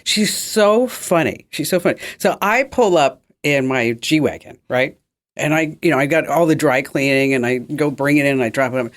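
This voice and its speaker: A woman's voice: deep voice, moderate pace. A woman hosting a tech talk show, telling stories in casual chat with lots of laughter. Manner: animated, laughing storyteller. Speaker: radio tech show host.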